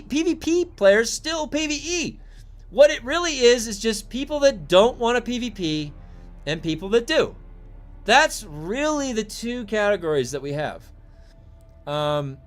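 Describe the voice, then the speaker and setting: A man streaming a game and chatting casually with viewers, animated and profane, acting out quotes in a high voice and laughing often. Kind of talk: casual live-stream chat.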